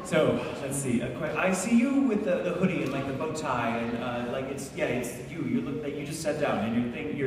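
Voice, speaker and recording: A man answering fan questions at a convention panel, telling stories in an animated, playful way and laughing often. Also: fairly high pitch, fast talker, background noise. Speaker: guest voice actor. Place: large convention panel room. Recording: echoey hall, distant mic, loud ambience.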